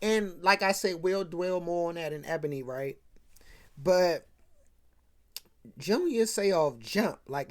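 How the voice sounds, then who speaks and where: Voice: mid-range voice, expressive, slow, pauses often. Movie recap ranter, slangy and loose, keeps asking "right?". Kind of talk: casual rant retelling a film.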